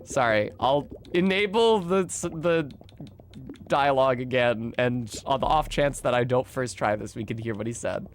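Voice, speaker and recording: A man streaming a video game, giving excitable, profane commentary and talking to himself as he plays. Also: mid-range voice, moderate pace, few pauses, soft background music. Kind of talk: casual gameplay commentary.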